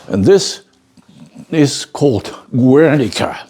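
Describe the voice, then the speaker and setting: A man's voice: mid-range voice, lively intonation, slow, a little mellow. An older man teaching a bonsai masterclass, telling a story with emphasis, often restarting his phrases and checking in with an "okay?". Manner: emphatic storyteller, many restarts and repeated words; checks in with the audience with a frequent "okay?". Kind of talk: spoken lecture to a class.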